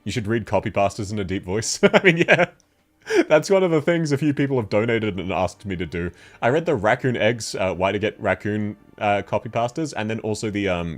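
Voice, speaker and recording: A man's voice: on the low side, expressive, normal speed. A man with an Australian accent, chatting casually on a game stream, laughing often as he answers chat.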